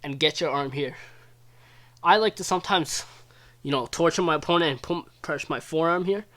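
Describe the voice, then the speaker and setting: A man's voice: on the high side, moderate pace, a bit bright. A young man casually teaching wrestling moves, loose and chatty, often checking in with "right?". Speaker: wrestling coach. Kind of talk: casual instructional video.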